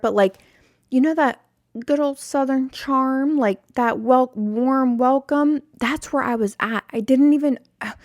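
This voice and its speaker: Self-deprecating and prone to tangents, a woman rambles through solo chat on her own podcast. Her medium-pitched voice comes through at studio quality with no room sound.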